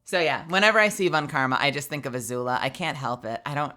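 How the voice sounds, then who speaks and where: A woman's voice: very deep voice, animated, quick pace, pushed and bright, faint music behind. A tired woman streamer chatting casually with viewers. She rambles and giggles, often stopping and restarting her sentences.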